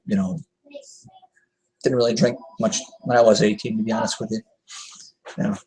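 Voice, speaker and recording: A man's voice: lowish voice, breathy edge, rough recording. A young adult man hosting a live online talk show, chatting casually and loosely with lots of fillers, self-corrections and casual swearing. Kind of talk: casual rambling chat.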